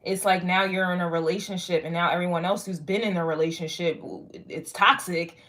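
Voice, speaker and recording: This is a young woman with a somewhat low voice, talking straight to her viewers during an astrology reading. She rambles, curses freely and leans on fillers as she works her way toward each point. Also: steady tone, brisk, fairly bright tone. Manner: rambling, frank and profane, lots of fillers. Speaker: tarot and astrology reader. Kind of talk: casual spoken reading to viewers.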